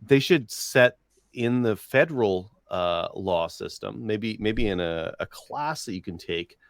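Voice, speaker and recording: A man's voice: fairly low pitch, lively intonation, a little slow, no echo. A man co-hosting a casual podcast, rambling and hesitant with a wry, sarcastic edge. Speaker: podcast co-host. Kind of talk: casual chat.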